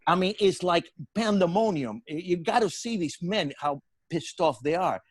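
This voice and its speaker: An older male comedian telling a long, animated comic story, full of profanity and stumbling restarts. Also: sits high, moderate pace, slightly rough, no room sound.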